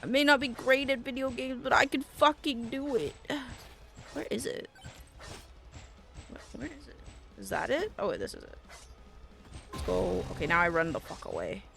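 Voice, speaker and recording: A woman streaming a game live, her voice high and bright with wide, lively swings in pitch. She lurches from sharp yelps to grumbled asides and swears freely while thanking her chat. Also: moderate pace, creaky, long pauses. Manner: excitable, swings from yelps to muttering, swears a lot.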